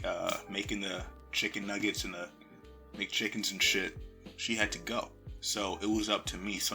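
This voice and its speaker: Young guy, low pitch and very bright tone, rambling profane storyteller; phone recording, crackles, faint music behind. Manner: rambling, profane, laughs often. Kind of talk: casual storytime.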